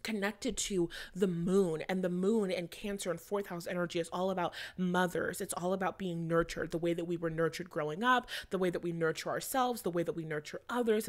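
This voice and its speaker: A young adult woman giving a casual astrology reading to her viewers, chatty and rambling, with plenty of fillers and casual swearing. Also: lowish voice. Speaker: astrology reader.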